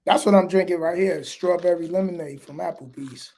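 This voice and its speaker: Brief: man, fairly high voice, trucker host, slangy livestream chat, easygoing. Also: a little fast, vocal fry, a little mellow. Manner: laid-back, slangy, laughs often.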